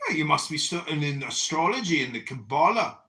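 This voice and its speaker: A man's voice: a little high, big pitch swings, a little fast, pushed and bright. A man trading foul-mouthed, aggressive insults in heated podcast banter. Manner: profane, aggressive, taunting.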